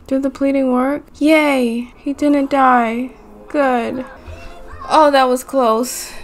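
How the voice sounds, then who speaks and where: A woman's voice: sits high, fairly even intonation, takes it slowly, faint music behind. A young woman giving casual, chatty commentary while playing a life-sim game and talking to her characters and viewers. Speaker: gaming YouTuber.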